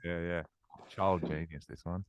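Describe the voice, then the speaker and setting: Deep-voiced man, laid-back and dry. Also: little pitch movement, measured pace. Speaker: guest, metal musician. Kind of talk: casual chat.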